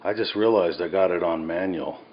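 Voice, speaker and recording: A man's voice: deep voice, fairly quick. A man cooking at home and talking casually, rambling with self-mocking jokes as he goes. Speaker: home cook. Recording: dull sound, faint background noise.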